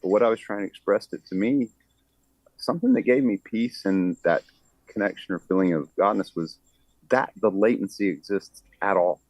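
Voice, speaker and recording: A man's voice: lowish voice, normal speed, a little mellow, dry recording, poor audio. A man co-hosting a podcast, musing philosophically in a casual conversation. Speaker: podcast co-host.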